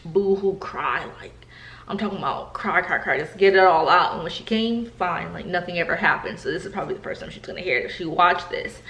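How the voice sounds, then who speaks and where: A woman in her thirties from New York shares personal stories in a candid, conversational vlog. Her voice sits a little low, and she keeps turning to address her viewers. The room around her rings with echo. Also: fast talker, few pauses, a bit bright, slight background noise. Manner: candid, chatty, often addresses viewers directly. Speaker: vlogger. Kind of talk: personal storytelling to camera. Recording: echoey room.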